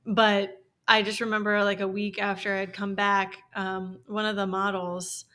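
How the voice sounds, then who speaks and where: A woman's voice: mid-range voice, level tone, unhurried, sharp tone. A woman co-hosting a podcast, talking openly and emotionally in a frank conversational way, with lots of "like". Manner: emotional, open, heavy use of "like"; frank, occasionally swears. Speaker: podcast co-host. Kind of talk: candid conversational podcast talk.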